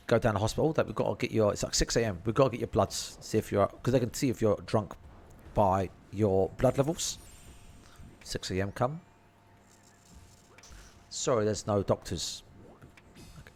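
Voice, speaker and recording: Guy in his 30s, lowish voice, swears a lot, slangy rambling story. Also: husky. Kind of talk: casual storytelling.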